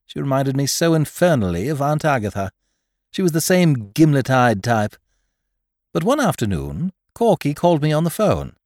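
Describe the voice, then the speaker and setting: Lively man reading a comic story. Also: mid-range voice, moderate pace, dry recording, studio quality. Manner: lively and theatrical, bright comic timing. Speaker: audiobook reader. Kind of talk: expressive first-person story reading.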